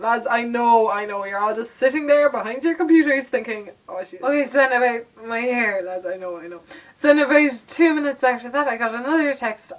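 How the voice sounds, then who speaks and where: Chatty Irish young woman, a little distant. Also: fairly high pitch. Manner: chatty, laughing, lots of fillers. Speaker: vlogger. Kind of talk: casual storytelling to camera.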